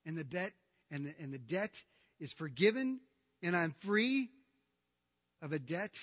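A man preaching a sermon as pastor, emphatic, swinging from hushed lines to near-shouting. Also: a little high, animated, measured pace, long pauses, clean studio sound. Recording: long reverb of a large hall.

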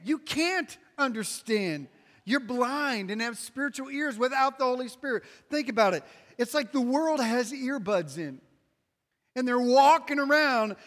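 A man preaching a sermon to a room, emphatic and repetitive, swinging between loud pushes and quiet drops. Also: very high-pitched. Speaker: pastor. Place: large room with an audience. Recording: long hall reverb.

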